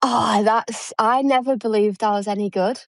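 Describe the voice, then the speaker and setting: A woman's voice: on the high side, fairly even intonation, moderate pace, no room sound. Chatty self-deprecating English woman. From England. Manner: chatty, self-deprecating, acts out quoted dialogue. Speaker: guest, former international cricketer. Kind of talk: casual interview chat.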